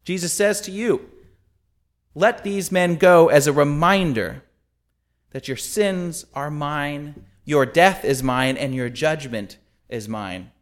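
A man's voice: on the high side, takes it slowly. A man preaching a sermon, with emphatic rhetorical questions and storytelling.

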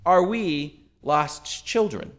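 Male preacher, lively pitch, emphatic, asks rhetorical questions. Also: very slow. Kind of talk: sermon.

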